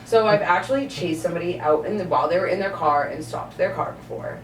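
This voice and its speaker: A young woman bartender telling stories on a podcast in a lively, exasperated way, laughing along. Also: on the low side, quick pace. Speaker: bartender guest. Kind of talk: casual podcast storytelling. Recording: echoey room, distant mic, faint noise.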